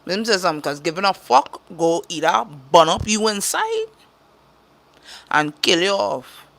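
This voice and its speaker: A woman's voice: on the low side, big pitch swings, normal speed, vocal fry, fairly bright tone. A woman from Trinidad with a Trinidadian accent, a caregiver talking bluntly and profanely on a casual livestream, repeating her points for emphasis.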